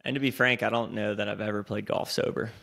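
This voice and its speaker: A man, co-hosting a podcast in casual chat and telling animated, swear-laced stories. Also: fairly low pitch, fast, gravelly. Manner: animated storyteller, swears freely. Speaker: podcast co-host.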